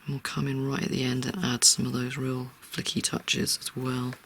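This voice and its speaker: An art tutor narrating a drawing session in real time, speaking softly and often dropping into a near-whisper. The voice sits in a middle pitch with a gravelly, fried edge. Faint noise sits under the voice. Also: completely flat delivery, moderate pace. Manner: soft, often half-whispered, reassuring.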